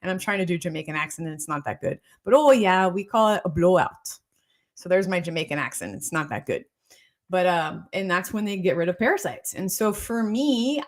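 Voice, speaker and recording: Chatty woman doctor explaining things. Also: medium pitch. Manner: repetitive, keeps checking in with "okay?" and "right?". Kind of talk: casual health talk explaining a protocol.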